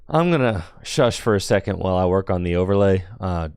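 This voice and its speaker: A man's voice: low-pitched, lively intonation, brisk, hardly any pauses, a little mellow, clean tone, no room sound, clean studio sound. A man hosting a tournament stream, giving loose, chatty live commentary on a card game match. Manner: chatty, loose, self-deprecating. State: out of breath.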